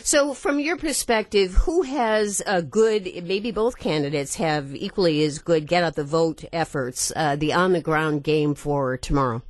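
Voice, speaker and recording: Low-voiced radio host woman, dry studio sound. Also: unhurried, few pauses, no echo. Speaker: radio talk show host. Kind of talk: public radio call-in show hosting. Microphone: studio microphone.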